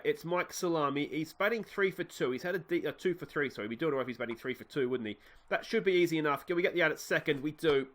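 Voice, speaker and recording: A man's voice: a little high, a bit bright. Chatty Australian man calling a game. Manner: chatty, wry asides to the players. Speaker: let's play host. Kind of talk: casual game commentary.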